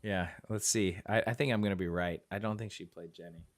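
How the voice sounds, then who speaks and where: A man co-hosting a casual movie chat, animated and joking, acting out lines from scenes. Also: sits low, a little fast. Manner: animated, acts out quotes in funny voices. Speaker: podcast co-host.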